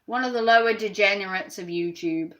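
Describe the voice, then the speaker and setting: A woman's voice: medium pitch, a little fast, fairly bright tone. A woman ranting on a live stream and reacting to her chat, sarcastic and mocking.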